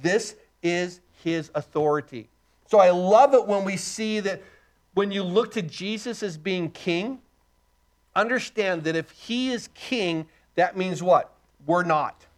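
A man's voice: sits high, slow pace. A middle-aged male pastor preaching a sermon, emphatic, asking rhetorical questions and answering them himself.

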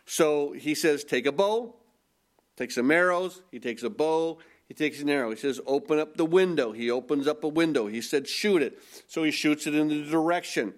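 A man preaching a sermon, animated and emphatic, slowing down to stress scripture verses and often repeating words as he builds. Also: a little high. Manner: repeats words and restarts phrases.

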